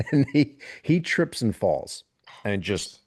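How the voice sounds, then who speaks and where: A man, a military veteran, telling a story on a podcast in a casual, animated way and laughing as he goes. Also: medium pitch, slow, husky, no echo, studio quality.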